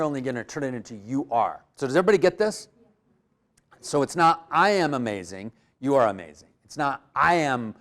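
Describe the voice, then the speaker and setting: A man giving a live motivational workshop in a room full of people, energetic and coaching the audience with direct prompts. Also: on the high side. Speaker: workshop speaker.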